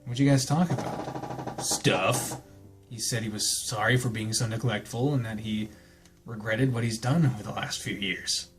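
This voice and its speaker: A man voicing a tired young man who jokes and teases, speaking low and subdued. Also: normal speed, over music, lightly acted. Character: tired joking young man, teasing but lonely.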